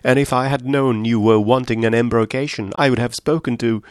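A man voicing a fretful elderly gentleman who fusses anxiously over health. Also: medium pitch, fairly even intonation, fairly quick, no echo, studio quality, voice pushed up, close to an everyday voice. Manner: anxious, fussing, gently scolding.

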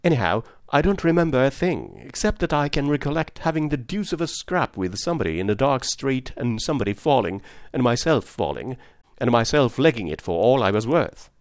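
A man reading the part of a frazzled, nervous young gentleman who rambles through his story in rapid, breathless chatter. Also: medium pitch, sing-song, no echo, clean studio sound. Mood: rambling.

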